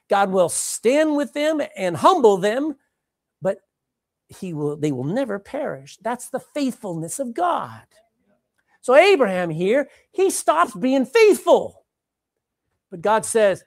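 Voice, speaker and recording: A woman preaching a sermon, dramatic and animated, repeating phrases for emphasis and swinging between loud and hushed. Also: mid-range voice, normal speed, no echo, studio quality.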